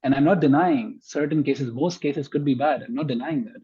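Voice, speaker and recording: Man, podcast guest, mellow husky voice, emphatic debater, slightly muffled recording. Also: mid-range voice, moderate pace. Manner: emphatic, argues point by point. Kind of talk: conversational podcast discussion.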